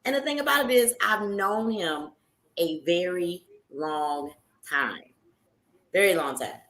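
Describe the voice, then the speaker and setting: A woman hosting a live stream, telling her viewers a story in a casual, animated way, laughing often and calling them y'all. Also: lowish voice, takes it slowly, reverberant.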